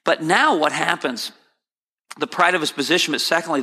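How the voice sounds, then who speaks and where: A man's voice: fairly high pitch, moderate pace, sharp tone. A man preaching a sermon as pastor, conversational and repetitive with many restarts. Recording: hall reverb.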